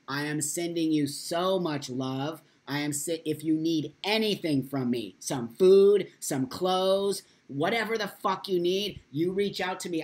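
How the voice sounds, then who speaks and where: A man with a high-pitched, fairly bright voice speaks straight to his viewers on a casual live stream, reading out their comments as he goes. His loose, unscripted delivery is impassioned, and he swears freely.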